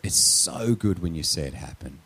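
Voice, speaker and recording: A man's voice: low voice, animated, moderate pace, fairly bright tone, slightly rough. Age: adult. A male pastor telling a story in a conversational sermon, often tagging his points with "right?". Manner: storytelling, frequent "right?" tags.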